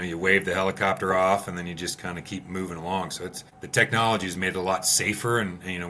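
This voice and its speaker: Man, low pitch, bright forceful tone, faint background noise, animated casual storytelling. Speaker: podcast guest, rally racer. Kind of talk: casual conversation.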